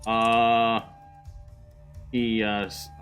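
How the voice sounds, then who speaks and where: A man narrating as dungeon master in a tabletop game, pausing often with fillers. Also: medium pitch, monotone, over music. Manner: hesitant, filler-heavy narration.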